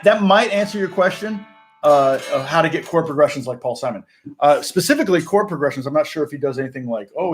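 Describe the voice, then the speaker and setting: A man chatting loosely as a session guitarist answering viewer questions, telling stories with lots of fillers and restarts. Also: fairly high pitch. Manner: loose and anecdotal, many fillers and restarts, demonstrates on guitar between phrases. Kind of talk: casual rambling chat. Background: guitar playing.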